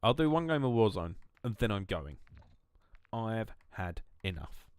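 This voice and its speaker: A man's voice: fairly low pitch, very animated, measured pace, smooth, no room sound. A man streaming a game, chatting casually in a rambling, joking way, mocking himself and swearing freely. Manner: loose, wandering talk with restarts. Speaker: gaming streamer.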